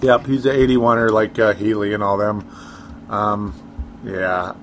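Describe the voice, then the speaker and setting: A man's voice: fairly low pitch, level tone, measured pace, a little hiss or hum. A man co-hosting a sports talk show, rambling casually with chuckles and sarcastic asides.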